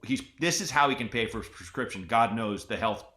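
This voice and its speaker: A male podcast host telling comic stories in casual chat, jumping into loud put-on voices. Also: medium pitch, brisk. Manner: animated storyteller, jumps into loud put-on voices. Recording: roomy echo.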